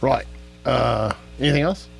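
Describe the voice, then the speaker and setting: A man co-hosting a podcast, talking in a chatty, animated way with quoted voices. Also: medium pitch, measured pace, gravelly, faint music behind. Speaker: podcast co-host. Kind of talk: casual chat.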